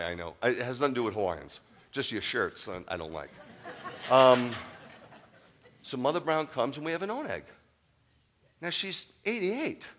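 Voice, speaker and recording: A man preaching a sermon as a rabbi, telling a story with humor, moving from quiet asides to loud punchlines. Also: mid-range voice.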